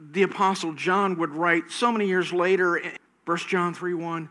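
A middle-aged male pastor preaching a sermon slowly and emphatically, his voice swelling louder at high points. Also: fairly even intonation.

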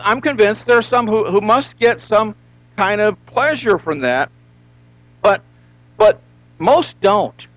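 A man with a high voice delivers a sermon as pastor. He is emphatic and leans on rhetorical questions and drawn-out repetition. The sound is dry and close. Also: fairly bright tone, no room sound, rough recording.

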